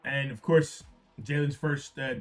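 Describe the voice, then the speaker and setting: A man hosting a live card-break stream, repeating prices and hyping the product in an upbeat sales pitch. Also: fairly even intonation, a little slow, faint music behind. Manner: upbeat, repetitive hype.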